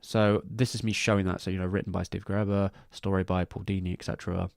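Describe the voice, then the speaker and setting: A man's voice: sits low, level tone, fast, vocal fry, clear, resonant tone, dry recording, clean studio sound. A man streaming live, talking casually about animation credits, with many restarts and asides. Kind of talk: casual livestream commentary.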